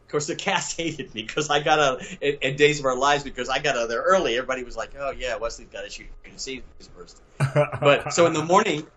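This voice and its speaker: An older man from Mississippi, a guest telling lively stories over a video call and laughing often. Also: mid-range voice, fairly quick. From Southern US, Mississippi. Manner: animated storyteller, laughs often.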